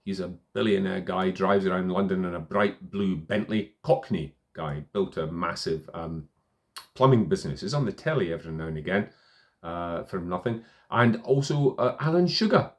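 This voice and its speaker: Middle-aged male coach, low voice, casual storytelling vlog delivery. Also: animated, normal speed. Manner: storytelling, conversational with fillers. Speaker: confidence coach. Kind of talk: casual talk to camera.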